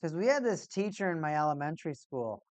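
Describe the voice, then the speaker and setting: A woman's voice: deep voice, sing-song, fast, no room sound. Rambling, jokey woman streamer, dry sound. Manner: rambling, jokey, repeats herself. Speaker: livestream host. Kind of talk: casual hockey watch-party chat.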